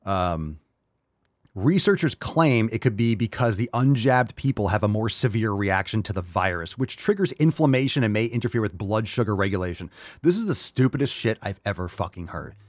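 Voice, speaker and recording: A fiery man holds forth on his podcast, swearing freely and mocking the views he argues against. His voice sits on the low side, and the sound is close and dry, with no room around it. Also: lively intonation, normal speed, dry recording. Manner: profane, heated ranting with mocking asides. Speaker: podcast host. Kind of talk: opinionated podcast monologue.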